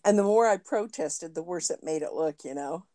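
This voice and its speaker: A woman's voice: on the low side, expressive, normal speed, warm tone. A middle-aged woman, chatting and laughing as she tells family stories. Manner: chatty storyteller, amused, laughing. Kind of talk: casual chat.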